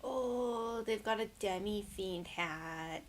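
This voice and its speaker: A woman explaining slowly in a casual let's-play chat while playing a game. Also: mid-range voice. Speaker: game player voicing characters.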